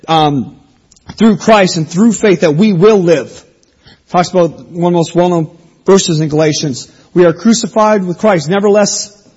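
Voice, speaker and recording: Husky-voiced man preaching a sermon. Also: fairly high pitch, darkish tone, lo-fi sound. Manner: earnest teaching, reads scripture aloud, restarts phrases. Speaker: pastor. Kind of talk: expository sermon.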